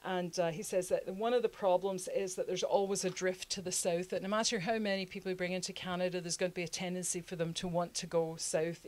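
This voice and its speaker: Chatty woman hosting a history lesson. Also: fairly low pitch. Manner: lively, laughs often, acts out quotes in funny voices. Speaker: history show host.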